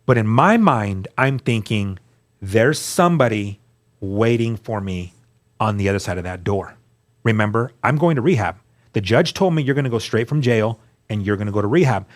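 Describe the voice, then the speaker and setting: A man telling his story as a guest, earnest and animated, acting out the dialogue he quotes. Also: on the low side, moderate pace. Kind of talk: storytelling testimony.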